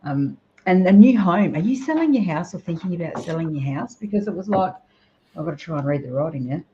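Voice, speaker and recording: A woman's voice: fairly low pitch, animated, a little fast, dark tone, a little hiss or hum. A woman hosting a casual live stream reading, chatty and blunt, swearing freely. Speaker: host and psychic reader. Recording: dull lo-fi live stream audio.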